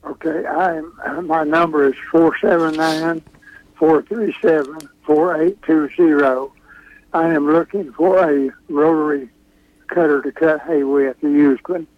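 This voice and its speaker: A man calling in to a radio show, speaking in plain, halting, brief phrases. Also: a little high, steady tone. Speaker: caller. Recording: tinny phone line.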